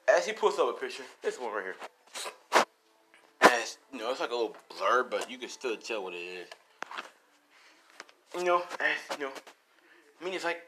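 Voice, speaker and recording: A man's voice: mid-range voice, very animated. Young guy rambling thru a made up story, voice bouncing up and down a lot, bit of hiss behind. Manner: rambling, with filler words and quick quoted character lines. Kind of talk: casual improvised fan-story narration.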